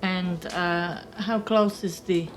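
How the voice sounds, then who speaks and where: A woman's voice: fairly low pitch, steady tone, slow. Polite woman playing a tabletop game. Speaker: player.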